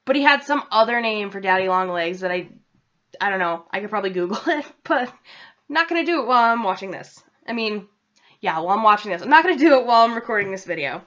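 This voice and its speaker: Fast, expressive and medium-pitched, her voice has a fairly bright tone. This young central Massachusetts woman, New England accent and all, chats and rambles in a self-deprecating way to her laptop webcam, captured in dull lo-fi sound.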